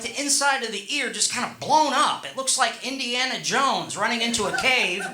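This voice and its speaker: A middle-aged man does a stand-up set, rambling conversationally and teasing the audience. His voice is high and very bright. He is on a stage mic in an echoey room. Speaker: stand-up comedian. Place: comedy stage.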